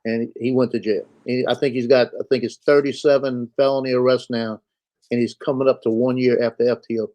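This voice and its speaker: A man's voice: medium pitch, little pitch movement, fairly quick, highs cut off. A man telling stories in a casual chat, acting out the voices of the people he quotes. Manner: folksy storyteller, acts out quoted voices. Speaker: co-host on a live stream.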